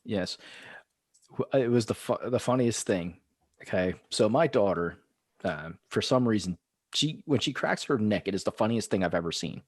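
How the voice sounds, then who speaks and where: A middle-aged man chatting as a podcast co-host, animated and quick to laugh as he tells a story. His voice sits on the low side and comes across husky, swinging widely in pitch. The sound is dry and close. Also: dry recording. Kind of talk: casual chat.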